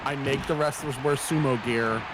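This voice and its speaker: A man's voice: medium pitch, fairly even intonation, normal speed, very noisy. A man hosting a game stream, chatting in a jokey, rambling way. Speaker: streamer host. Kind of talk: casual gaming stream chat.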